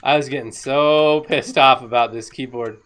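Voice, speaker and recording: A woman talking casually over her own gameplay footage, excitable and rambling, laughing often. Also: very deep voice, moderate pace. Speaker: gaming video creator.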